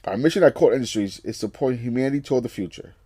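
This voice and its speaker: A man voicing a businesslike adult woman executive from a comic, with a crisp and skeptical delivery. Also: medium pitch, fast, warm tone, no room sound, studio quality, lightly acted. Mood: dry.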